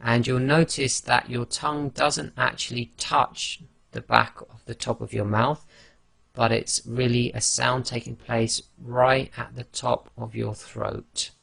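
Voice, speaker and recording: Slow, gravelly-voiced male tajweed teacher. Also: mid-range voice, flat delivery, fairly bright tone, no room sound. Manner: patient, demonstrates each letter sound slowly. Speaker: Quran recitation teacher. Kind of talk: slow instructional explanation.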